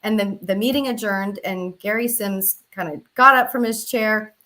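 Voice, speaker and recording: A woman's voice: mid-range voice, moderate pace, bright, forceful tone. A woman advocate for election observation, telling her story earnestly in an interview. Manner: earnest, recounts events with quoted dialogue.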